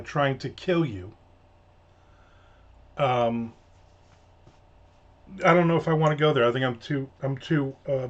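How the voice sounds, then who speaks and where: This American livestream host rambles and jokes through viewer comments in a casual chat, often trailing off and starting over. His medium-pitched voice comes through a slightly dull lo-fi home mic.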